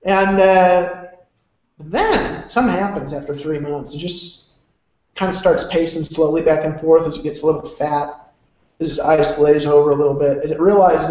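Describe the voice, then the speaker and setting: Here a motivational speaker, a man with a fairly high pitch and darkish tone, talks at a normal pace. His rambling, emphatic speech includes casual swearing, heard through a dull, heavily echoing lo-fi room.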